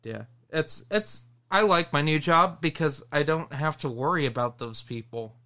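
Bright-voiced man telling stories. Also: on the high side, moderate pace. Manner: animated storytelling, laughs while telling. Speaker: podcast co-host. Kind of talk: casual podcast chat.

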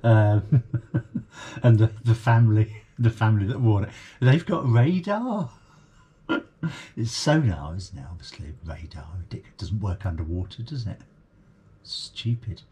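A man's voice: lowish voice, a little slow, dark tone, muffled recording, slight background noise. A man from Essex casually reviewing a comedy clip, rambling with many fillers and chuckles. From Essex, England. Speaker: reaction video host.

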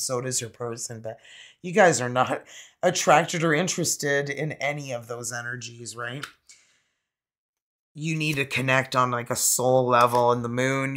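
A woman's voice: very deep voice, pushed and bright. A Canadian woman giving a casual, rambling tarot reading to camera, with lots of fillers and laughter. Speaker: tarot reader.

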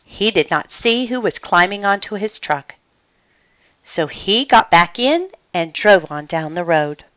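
Slow, bright woman reading a storybook. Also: mid-range voice, lively intonation, dry recording, dull audio. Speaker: children's book reader. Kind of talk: reading a picture book aloud.

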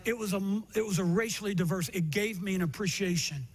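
A male pastor preaching a sermon, telling stories from his youth and building to emphatic, shouted passages. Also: high-pitched, a little fast. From Miami area, United States.

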